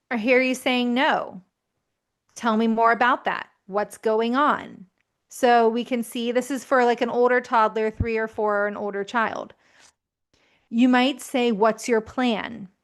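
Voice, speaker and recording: A woman in her thirties giving calm, reassuring parenting advice in a gently explanatory way. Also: on the high side. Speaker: parenting educator.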